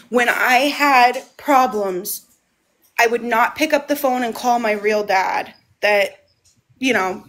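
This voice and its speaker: A woman's voice: fairly high pitch, fairly bright tone, a little hiss or hum. A woman talking on a casual livestream from home, rambling and restarting her phrases. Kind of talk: casual live monologue.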